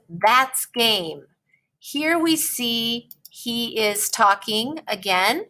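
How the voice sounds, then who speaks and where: A woman teacher walks through a writing lesson at an unhurried, deliberate pace. Her voice sits a little on the high side. She keeps pausing to check in with her students. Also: pushed and bright. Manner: slow, patient explaining with frequent "okay?" check-ins.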